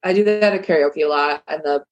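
Giggly lower-voiced woman, podcast guest. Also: a little fast, lo-fi sound. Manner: chatty, giggly, uses fillers. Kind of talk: casual chat.

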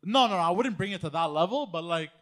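A man's voice: high voice, animated, fast talker, a bit bright. A man with a slightly raised voice chats on a podcast, often stumbling over his words. He backtracks and repeats himself, then laughs it off. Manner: hesitant, stammering, laughs it off. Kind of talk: casual chat.

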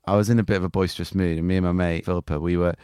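A man's voice: low-pitched, steady tone, racing, mellow, clean tone, no room sound, clean studio sound. A man, co-hosting a crude comedy podcast and rambling through jokey stories. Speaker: podcast co-host. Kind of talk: crude casual chat.

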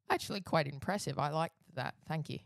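A man's voice: a little high, measured pace, vocal fry, fairly bright tone, slight background noise. A man, co-hosting a casual podcast, with a dry and laid-back delivery. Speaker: podcast co-host.

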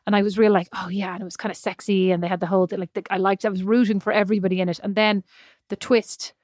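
A woman's voice: mid-range voice, racing, no echo. Chatty woman podcast host, dry close sound. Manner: chatty, self-mocking, animated storytelling. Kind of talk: casual chat.

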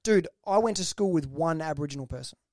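High-voiced wry young Australian man. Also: animated, quick pace, darkish tone, dry recording, clean studio sound. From Perth hills, Australia. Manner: wry, jokey, acts out quotes. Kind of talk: casual chat.

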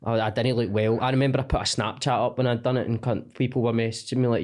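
A man's voice: medium pitch, level tone, quick pace, a little mellow. A young Scottish man, a comedian guest, rambling and self-deprecating in casual podcast chat.

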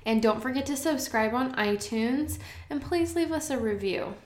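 A woman's voice: sits high, animated, moderate pace. A woman co-hosting a casual podcast, chattily running through where listeners can reach the show. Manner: chatty, reads out contact details. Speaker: podcast co-host. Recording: roomy echo.

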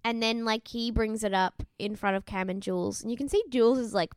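A woman's voice: a little high, a little fast, smooth, no echo, studio quality. A woman co-hosting a podcast, casually recapping a TV show, laughing and acting out the people she quotes. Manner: chatty, laughing, quotes people in animated voices. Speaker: podcast co-host.

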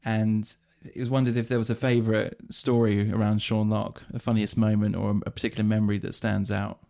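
A man hosting a podcast interview, asking questions in a relaxed, self-deprecating way. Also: fairly low pitch, brisk, gravelly. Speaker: podcast host. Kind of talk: conversational interview.

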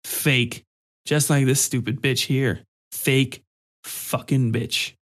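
Drunk crude office creep, slurred slow mutter, leering as a male narrator puts him on. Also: mid-range voice, steady tone, fairly bright tone. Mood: drunken leering.

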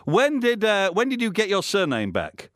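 A man's voice: sits high, wildly swooping pitch, moderate pace, a bit bright, no room sound, studio quality. A middle-aged man, a DJ hosting an interview show, jokey and rambling with frequent restarts. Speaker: radio DJ and podcast host. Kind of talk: casual interview chat.

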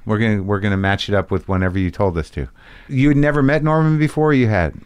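A man's voice: lowish voice, fast talker, a little mellow, clean tone. A man hosting a casual interview, easygoing, chiming in often with agreement. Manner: easygoing, frequent back-channel yeahs and laughs. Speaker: podcast host.

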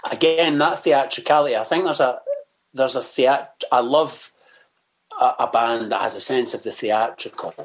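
A man's voice: mid-range voice, moderate pace. Scottish man, guest, casual rambling chat, hesitant, sweary. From Scotland. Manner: rambling, hesitant, many fillers and restarts; swears freely, self-mocking.

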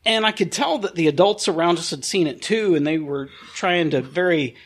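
A middle-aged man co-hosting a podcast, telling stories in a wry, deadpan way with bursts of laughter. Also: a little high, normal speed, husky. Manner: wry, deadpan storyteller who breaks into laughter. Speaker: podcast co-host. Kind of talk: casual storytelling chat.

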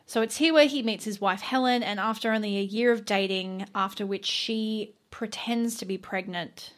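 A young woman chatting on a true crime podcast. She is casual and talkative, laughs easily and swears now and then. Her pitch sits in a middle range. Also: moderate pace. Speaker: podcast co-host.

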